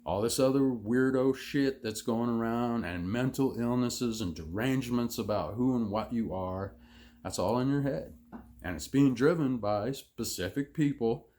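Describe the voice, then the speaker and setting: A man's voice: medium pitch, darkish tone. A man delivering an angry, sarcastic, profanity-heavy rant as a vlogger. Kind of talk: profane political rant to camera.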